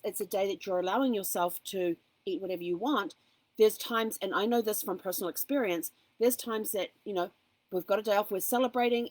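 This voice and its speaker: A woman's voice: medium pitch, a little mellow, no echo, rough recording. A woman hosting a casual motivational talk, speaking in an earnest, encouraging way and weaving in personal asides. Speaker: host.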